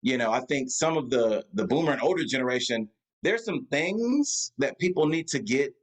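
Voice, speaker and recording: A man's voice: medium pitch, animated, moderate pace, rough recording. A man, a pastor and guest, chatting casually on a video call, with lots of fillers and restarts. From United States. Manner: rambling, many fillers and restarts. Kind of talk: casual conversation. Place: Atlanta area.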